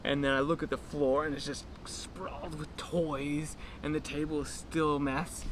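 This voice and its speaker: A man's voice: a little high, flat delivery, normal speed, few pauses, noisy background. A young American man from California, chatting casually in a vlog with a laid-back, rambling way of talking. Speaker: vlogger.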